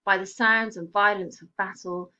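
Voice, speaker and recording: A woman teaching a poetry lesson, explaining the text in a measured way and stressing key words. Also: mid-range voice, fairly even intonation, sharp tone, dull audio.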